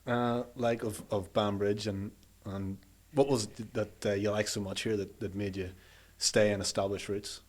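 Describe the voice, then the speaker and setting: A man's voice: lowish voice, steady tone, normal speed, hardly any pauses. A man interviewing former players, asking friendly questions with some hesitation.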